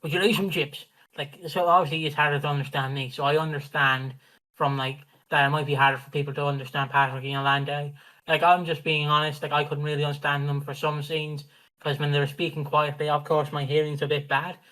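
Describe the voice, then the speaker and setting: A man's voice: a little high, flat delivery, fairly quick, pushed and bright, poor audio. An Irish man co-hosting a podcast, speaking in a frank, rambling casual chat full of fillers. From Ireland. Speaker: podcast co-host.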